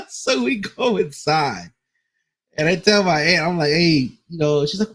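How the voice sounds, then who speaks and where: A man's voice: a little high, expressive, a little fast, creaky. A man on a podcast telling a rambling, profane story in casual chat, laughing as he goes. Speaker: podcast co-host.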